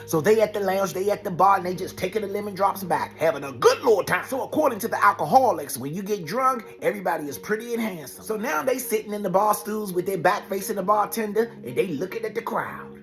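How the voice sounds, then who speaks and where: A man telling a comic story in animated, slangy, profane narration. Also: sits high, fast, hardly any pauses, faint music behind. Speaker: comedian storyteller.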